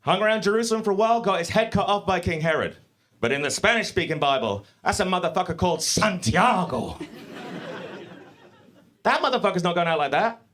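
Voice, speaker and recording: A man doing a live stand-up set in a comedy club, profane and animated, speaking into a stage mic. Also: high voice, brisk. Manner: profane, animated, mock-confident.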